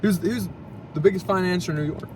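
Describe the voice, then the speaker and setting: A man's voice: sits high, very fast. Young man joking loosely in a car. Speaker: podcast co-host. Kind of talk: casual chat. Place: inside a car. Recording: distant mic with car noise.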